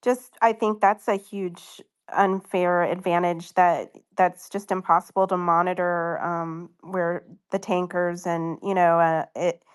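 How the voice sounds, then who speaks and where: Lowish-voiced woman guest, hesitant. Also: clear, resonant tone. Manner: thoughtful, hesitant with many fillers. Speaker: guest, author. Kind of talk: casual chat.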